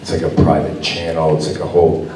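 A man's voice: very deep voice, completely flat delivery, quick pace, dark tone, slight background noise. A man on a convention panel as an actor guest, talking casually and rambling with lots of fillers and restarts. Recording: roomy hall sound from far off.

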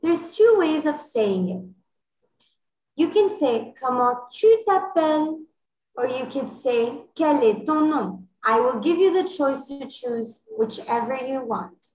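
A woman teaching an online French class to children, encouraging them and modeling phrases slowly and clearly over a video call. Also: sits high, expressive, darkish tone, reverberant, poor audio.

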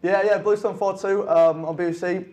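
A young man, chatting as a guest in quick, laughing banter with frequent restarts. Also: high voice, steady tone, a little mellow. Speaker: actor guest. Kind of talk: casual chat.

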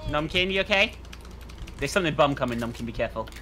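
A woman streamer chatting casually during a multiplayer horror game, excitable and quick to shriek and laugh. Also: low voice. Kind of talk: casual gaming chat.

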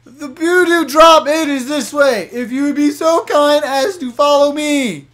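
A man voicing a shrill, overly formal greeter in a video game. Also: unhurried, a bit bright.

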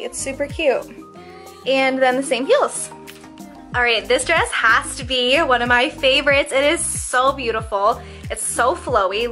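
A woman's voice: on the high side, fairly bright tone. A young woman chatting casually in a clothing try-on vlog, bubbly and gushing, full of "like" and "um". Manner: bubbly, gushing, lots of fillers. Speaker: fashion vlogger. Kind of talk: try-on haul chat.

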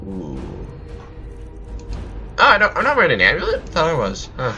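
A man's voice: a little high, wildly swooping pitch, normal speed, pauses often, over loud music. A man giving goofy, rambling let's play commentary with sudden outbursts while he plays. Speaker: gameplay commentator.

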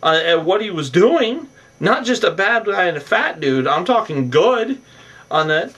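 A man's voice: high voice, big pitch swings, measured pace, a bit bright, slightly rough, far from the mic. Rambling man recapping, a bit off-mic. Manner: rambling, frequent filler "on that"; chuckles often, opinionated asides. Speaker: show recapper. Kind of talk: casual recap monologue.

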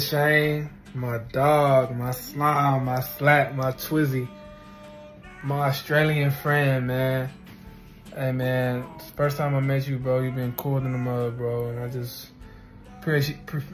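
A young man speaks in a flat, steady mid voice, full of casual slang and a little choked up. Faint music plays in the background. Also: medium pitch. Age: young adult. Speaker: college friend. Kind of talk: farewell message.

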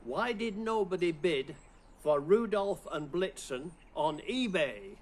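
A man with a fairly high voice who talks slowly and plays at puzzling over each riddle before landing the punchline. He has a teasing, playful way with the jokes. Faint background noise sits under his voice. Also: very animated. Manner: playful, answers his own riddles with mock puzzling and chuckles. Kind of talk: playful Christmas riddle routine.

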